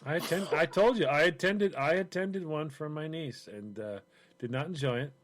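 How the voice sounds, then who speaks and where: A man's voice: on the high side, normal speed. A man co-hosting a casual chat, telling a story with acted-out voices. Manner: animated storyteller, acts out voices. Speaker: podcast co-host.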